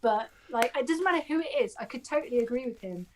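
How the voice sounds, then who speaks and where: A woman's voice: fairly high pitch, lively intonation, quick pace, slight background noise. A woman hosting a casual podcast chat, telling rambling stories and laughing often. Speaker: podcast host.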